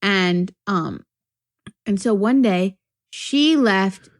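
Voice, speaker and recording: A woman's voice: mid-range voice, expressive, very slow, no echo, clean studio sound. A young woman from North Carolina co-hosting a podcast, telling a long, filler-heavy story in casual chat and laughing often. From North Carolina, USA. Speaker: podcast co-host.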